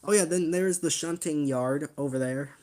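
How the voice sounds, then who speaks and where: A man's voice: fairly high pitch, moderate pace, a little mellow. Brief: male channel host, casual reaction commentary; rambling, self-deprecating, slangy. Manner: rambling, laughing at himself, slangy. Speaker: channel host reacting to his old video.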